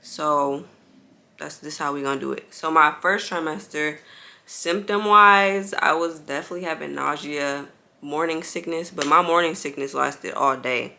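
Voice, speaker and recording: A young woman chatting to her viewers at home with a very bright, sharp edge and a gravelly fry under her words. She rambles casually, full of "like" fillers, while bouncing on an exercise ball with a baby. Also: sits low, normal speed. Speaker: vlogger.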